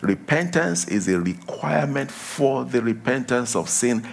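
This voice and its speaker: A male preacher delivering a sermon, emphatic, repeating key lines and dropping to a low hush for warnings. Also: expressive, a little slow, vocal fry.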